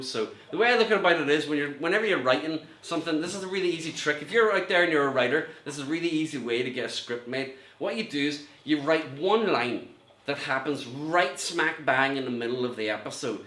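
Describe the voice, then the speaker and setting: A man's voice: medium pitch, fairly quick, a bit bright. A middle-aged man with a Northern Irish accent doing a rambling, self-mocking stand-up set from home, laughing at his own jokes. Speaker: stand-up comedian. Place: room at home with a mirror. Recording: echoey room, faint noise.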